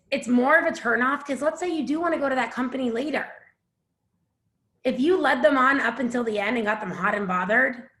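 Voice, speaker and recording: Casting note: a casual, frank woman instructor, voice sitting a little high, recorded in a roomy, echoing space. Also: sharp tone. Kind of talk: casual teaching chat.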